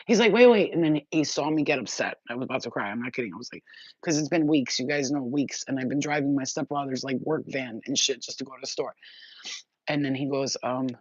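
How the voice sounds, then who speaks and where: A woman's voice: a bass voice, fairly even intonation, a little fast, husky, no echo. A woman spiritual reader talking in a casual, emphatic, rambling monologue. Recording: dull, slightly muffled sound.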